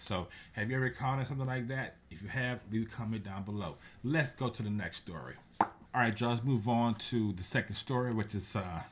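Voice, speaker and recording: Male vlog host, relaxed and slangy, lower-pitched, casual storytelling read. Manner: laid-back slangy storytelling. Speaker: show host. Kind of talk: casual news commentary vlog.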